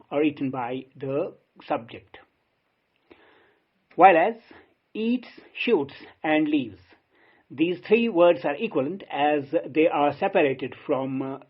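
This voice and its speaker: Male teacher, formal explanatory lesson, fairly high voice, dull lo-fi sound. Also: husky. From Kashmir. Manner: formal, explanatory, addresses listeners as dear friends. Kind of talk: recorded grammar lesson.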